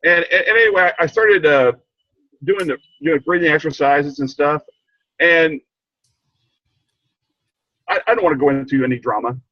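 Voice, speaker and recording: A man's voice: a little high, normal speed, pauses often, dry recording, lo-fi sound. An older man sharing a heartfelt personal story on a video call, stumbling and repeating himself, getting choked up. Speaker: training participant. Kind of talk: emotional personal testimony.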